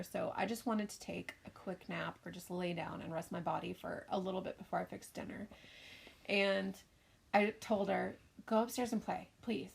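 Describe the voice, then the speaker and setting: A middle-aged woman, a podcast co-host and mother, telling a family story in casual chat, animated and often laughing. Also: mid-range voice, gravelly, slight background noise.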